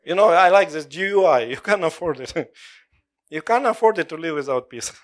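Male preacher, slightly high pitch, animated, laughs between lines. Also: fairly quick. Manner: animated, laughing often, call-and-response with congregation. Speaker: pastor. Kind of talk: sermon.

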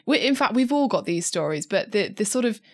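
A woman in casual chat, telling a personal story earnestly with halting fillers. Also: mid-range voice, lively intonation, darkish tone.

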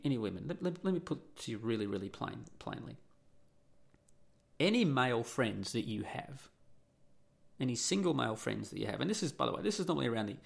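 A man's voice: medium pitch, creaky. A middle-aged man hosting an opinionated monologue, blunt and profane, firing off rhetorical questions.

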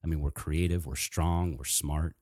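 A man speaking in a low, mellow voice, excitable and quick to get carried away as he chats on a podcast. The sound is dry and close, with no room around it. He encourages listeners enthusiastically. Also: no room sound. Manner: excitable, animated, talks fast. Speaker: podcast host. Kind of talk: casual chat.

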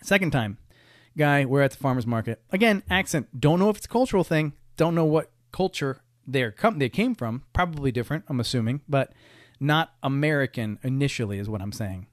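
A man's voice: mid-range voice, animated, a little fast, dry recording, studio quality. A young man hosting a podcast, telling stories in a casual, rambling monologue that is wry and profane, full of restarts. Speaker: podcast host.

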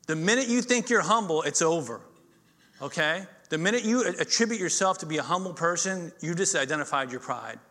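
A middle-aged male pastor preaching a sermon, telling stories with swings between loud emphasis and quiet intensity. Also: on the high side, expressive, brisk.

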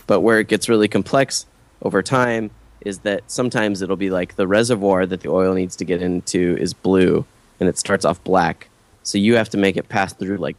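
A man's voice: sits low, no echo. A man on a casual podcast panel, explaining things at length and swearing casually. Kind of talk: casual chat.

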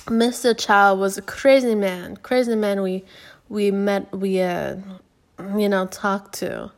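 Rambling, foul-mouthed young woman podcaster. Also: medium pitch. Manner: rambling, profane, with many fillers. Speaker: podcast host. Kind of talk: casual storytelling.

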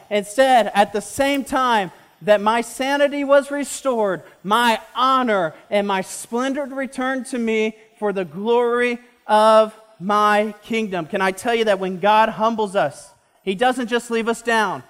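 A man preaching a sermon as a pastor, impassioned and slowing down for emphasis. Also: sits high, fairly bright tone, clear, resonant tone.

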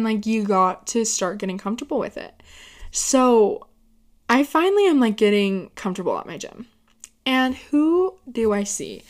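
Young woman vlogger, mid-pitched, chatty and animated, rambles through stories with tangents. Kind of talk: casual storytelling monologue.

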